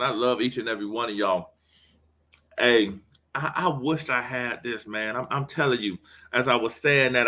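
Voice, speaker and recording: A man's voice: mid-range voice, pushed and bright. A man leading a live motivational sermon with affirmations, fervent and exhorting, often repeating words. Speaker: motivational preacher.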